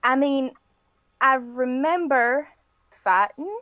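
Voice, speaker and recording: A woman talks through her character's thoughts in a tabletop game, halting and restarting as she reasons. Her voice sits somewhat high. The sound is dry and close. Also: no room sound. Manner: hesitant, reasoning aloud. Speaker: player. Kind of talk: tabletop role-play, in character.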